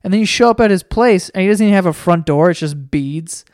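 A podcast host rambles through a solo comedy bit, swearing freely and jumping between animated tangents. The voice is captured close and dry, with no room sound. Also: medium pitch, fast talker, dry recording. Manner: rambling, profane, animated storytelling. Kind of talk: comedic monologue.

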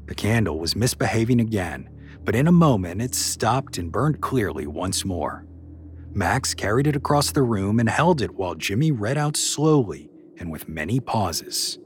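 Expressive male storyteller, lively pitch. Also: soft background music. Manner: expressive, measured. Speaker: podcast reader. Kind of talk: storytelling narration.

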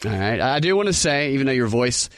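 Easygoing male co-host, mid-pitched, dry close sound, short quips. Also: very animated, fast talker, fairly bright tone, dry recording. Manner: easygoing, brief reactions and jokes. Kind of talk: casual news chat.

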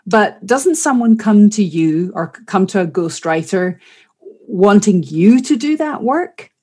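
A woman's voice: medium pitch, expressive, measured pace, dark tone, husky. A woman hosting a podcast, asking curious, probing questions of her guest. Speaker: podcast host. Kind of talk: podcast interview.

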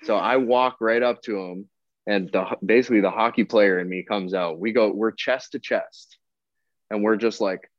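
A young pro baseball player guests on a podcast and tells a laid-back story at a moderate pace in a lowish voice, free of room sound. He chats easily, acting out the people in it and quoting what they said. The recording is dry, dull and lo-fi.

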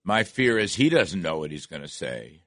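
A man's voice: deep voice, sing-song, moderate pace, no echo. An older man hosting a talk radio show, delivering emphatic, repetitive political commentary from a studio. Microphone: studio microphone.

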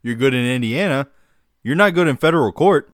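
A joking man from Arkansas chats casually and laughs often. He has a mid-pitched male voice, and it sounds close and dry with no room echo. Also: expressive, fairly quick. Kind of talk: casual chat.

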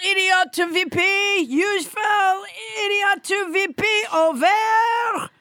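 A woman voicing a blustering, vain male hand-puppet president with a put-on French accent, shouting and petty. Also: very high voice, takes it slowly, dry recording, clean studio sound, voice pushed up, full character voice.

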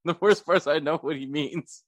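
A man with a fairly high-pitched voice hosts an easygoing sports podcast at a moderate pace, often laughing and teasing himself. The recording is clean studio sound without any room sound.

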